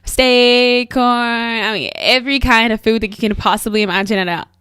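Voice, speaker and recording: A woman co-hosting a podcast, telling a story in casual chat with animated delivery and frequent laughter. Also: fairly high pitch, moderate pace, clean tone, no room sound, clean studio sound. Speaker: podcast co-host.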